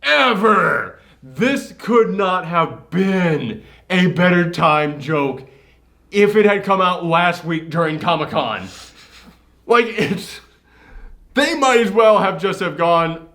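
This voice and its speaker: A man hosting a casual movie reaction chat, animated, laughing and acting out scenes. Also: sits high, slow. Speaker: host.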